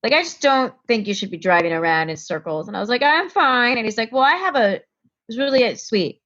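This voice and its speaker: A woman's voice: mid-range voice, lively intonation, fast, a bit bright, dull audio. A woman from Connecticut, a comedian guest, telling a story in casual talk and acting out the voices of the people in it.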